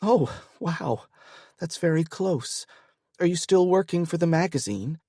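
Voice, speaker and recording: A man's voice: on the high side, lively intonation, unhurried, mellow, no room sound, studio quality, voice pushed up. A man voicing a hesitant long-lost first love. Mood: tentative. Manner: uncertain, apprehensive.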